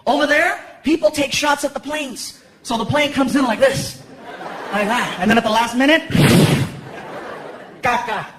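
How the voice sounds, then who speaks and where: A stand-up comedian telling an animated story and laughing along as he acts out scenes on stage. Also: very high-pitched, normal speed, slight background noise. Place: large live comedy venue. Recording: echoey hall with loud crowd laughter.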